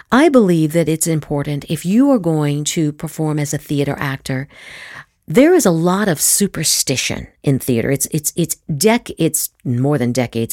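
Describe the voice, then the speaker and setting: A middle-aged woman giving an acting master class, emphatic and lively, slipping into demonstration voices. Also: low voice, no room sound, studio quality. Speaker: acting teacher.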